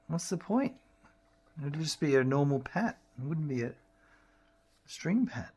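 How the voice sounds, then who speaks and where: Slow, easygoing man streaming. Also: on the high side, slightly rough. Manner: relaxed, chatty, talks to his dog in a sing-song voice. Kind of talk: casual gameplay commentary.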